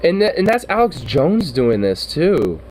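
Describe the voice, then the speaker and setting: A man's voice: a little high, very animated, unhurried, very noisy. A young man hosting a reaction video, rambling and swearing in a slangy, laughing way. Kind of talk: casual reaction commentary.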